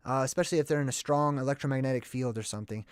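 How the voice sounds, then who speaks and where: A man hosting a casual movie commentary video, talking in a chatty, excitable and rambling way. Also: medium pitch, very fast, smooth, no echo, clean studio sound.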